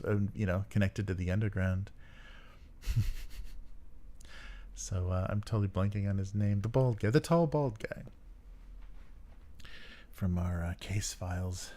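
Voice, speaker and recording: A man with a notably deep, low-pitched voice chats casually as a podcast co-host. He rambles through his points, full of fillers and quick chuckles. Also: a little mellow. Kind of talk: casual chat about tabletop games.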